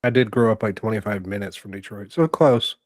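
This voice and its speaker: A man's voice: lowish voice, fairly quick, no room sound, studio quality. A man co-hosting a casual movie review podcast, chiming in with short joking remarks. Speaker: podcast co-host.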